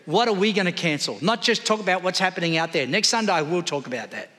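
A man's voice: high-pitched, lively intonation, fast talker, sharp tone. A man preaching a sermon in church, calling out to the congregation for responses. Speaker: pastor. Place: church hall. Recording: long hall reverb.

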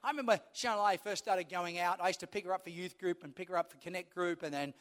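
Aussie guy preaching, high voice, funny stories, echoing church hall. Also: steady tone, quick pace, a bit bright. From Australia. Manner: storytelling, humorous, acts out quoted dialogue. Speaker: pastor. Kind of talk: sermon. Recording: long hall reverb.

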